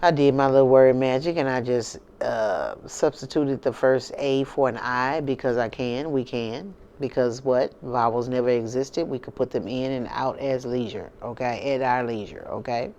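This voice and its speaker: A woman's voice: extremely low pitch, moderate pace, hardly any pauses, darkish tone. A woman from the United States hosting her own channel, talking casually and emphatically to her viewers and often checking in with "okay?" and "you know". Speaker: channel host.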